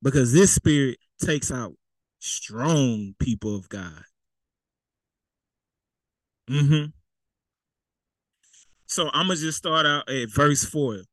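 A man's voice: medium pitch, takes it slowly, pauses often, a bit bright, no room sound, rough recording. Man preaching a casual sermon. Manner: conversational, repeats words, folksy slang.

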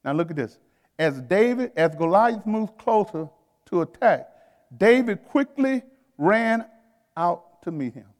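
A man's voice: sits high, very animated, a little slow, a little mellow, in a large hall. A man preaching a sermon to his congregation in a folksy, conversational way, talking straight to the crowd and laughing between points. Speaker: pastor.

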